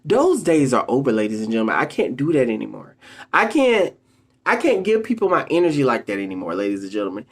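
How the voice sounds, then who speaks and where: Vlog host, casual advice to camera, emphatic storytelling, mid pitch swinging up and down a lot. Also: fast. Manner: animated storyteller who keeps addressing the audience directly. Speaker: video host giving advice to viewers. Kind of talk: casual motivational talk to camera.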